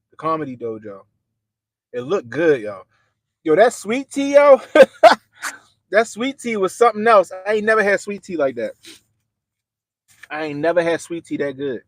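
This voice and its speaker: A man's voice: fairly high pitch, dry recording. A man hosting a livestream in a loose, slangy way, talking directly to the people watching. His voice is close and dry, with no room sound around it. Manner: loose, slangy, talks straight to viewers. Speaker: livestream host. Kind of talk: casual livestream chat.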